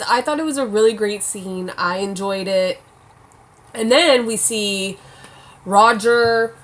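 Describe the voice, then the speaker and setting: A young woman chatting casually at home, reviewing a TV episode, saying "like" a lot and swearing now and then. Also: medium pitch. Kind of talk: casual chat.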